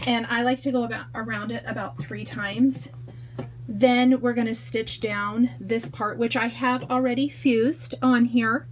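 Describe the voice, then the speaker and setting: Chatty woman explaining a sewing project. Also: on the high side. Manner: chatty and relaxed, with loose asides. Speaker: sewing tutorial host. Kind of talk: casual step-by-step craft tutorial.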